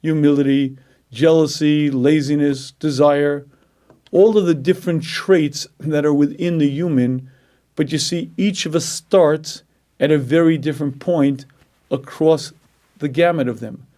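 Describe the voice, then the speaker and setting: Throat-clearing man giving an ethics lecture. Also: a little high, fairly even intonation, a little slow, warm tone. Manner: frequent throat-clearing, emphatic rhetorical questions. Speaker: Torah lecturer. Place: lecture room.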